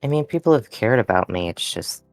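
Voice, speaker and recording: A tabletop player speaking in character, hesitant and halting, often repeating words. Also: mid-range voice, very animated, no room sound, soft background music.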